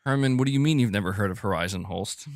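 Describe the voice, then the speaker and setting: A man's voice: fairly low pitch, fast, gravelly, no echo, clean studio sound. A man hosting a casual gaming news show, joking and self-mocking as he reads. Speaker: host of a gaming news channel.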